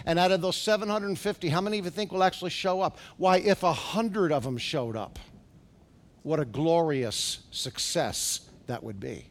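A middle-aged man preaching a sermon as pastor in a church, asking the congregation questions and building to loud, urgent exhortations. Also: a little high, moderate pace. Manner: preaching with rising, shouted exhortations and rhetorical questions. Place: church sanctuary.

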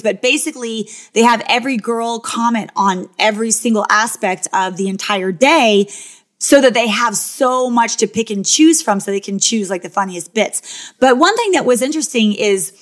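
A woman who was once on a reality show, telling stories in a casual, chatty way, full of "like" and "you know", and acting out quotes in quick bursts. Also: a little high. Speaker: former reality show contestant. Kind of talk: casual storytelling.

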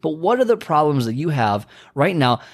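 A man's voice: on the high side, big pitch swings, moderate pace. A man hosting a solo podcast, rambling and venting before turning motivational. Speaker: podcast host. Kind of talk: casual solo podcast monologue.

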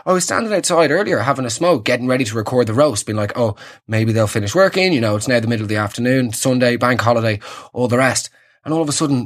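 A man's voice: fairly high pitch, slightly rough. A young Irish man hosting his podcast, ranting in a sarcastic, exasperated comic monologue. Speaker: podcast host. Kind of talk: casual comedic monologue.

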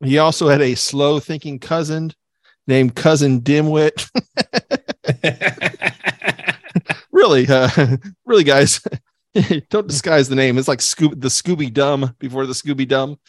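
A man's voice: fairly high pitch, slow pace, long pauses, no room sound, studio quality. Teasing male podcast host. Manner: teasing, moves the show along. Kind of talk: casual comedic chat.

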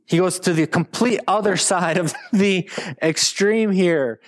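A man in his thirties, a pastor preaching a sermon with animated, playful storytelling. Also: high-pitched, takes it slowly.

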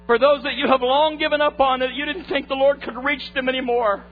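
A man preaching a sermon, retelling a family story and acting out its voices, moving from hushed tones to fervent appeals. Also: very high-pitched, fairly even intonation, a little fast. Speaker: pastor. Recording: muffled lo-fi recording with faint hum.

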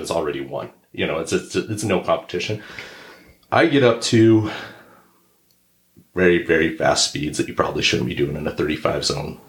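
A middle-aged man co-hosting a podcast, telling a casual story and acting out other people's yelling. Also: a bass voice. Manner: animated anecdote teller who acts out others' yelling. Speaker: podcast co-host. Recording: roomy echo.

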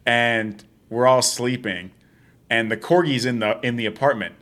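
A man's voice: mid-range voice, steady tone, moderate pace, a bit bright. A young man co-hosting a podcast, telling stories in casual chat, swearing freely and often laughing through his words. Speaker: podcast co-host.

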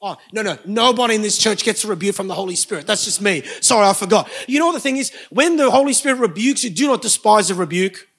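Aussie pastor guy preaching, high-ish gravelly voice, gets loud and animated, jokes with the crowd. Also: quick pace, hardly any pauses. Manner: animated, preaching with rising emphatic bursts and asides to the congregation. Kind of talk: sermon.

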